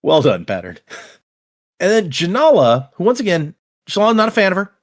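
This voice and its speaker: A man's voice: sits high, normal speed. A man co-hosting a podcast, retelling a book's scenes in casual chat, full of "like" fillers. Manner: animated retelling, frequent "like" fillers. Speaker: podcast co-host. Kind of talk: casual book discussion chat.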